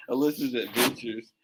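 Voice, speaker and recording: A man hosting a motivational live stream in casual chat, animated and joking, laughing often. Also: medium pitch, noisy background.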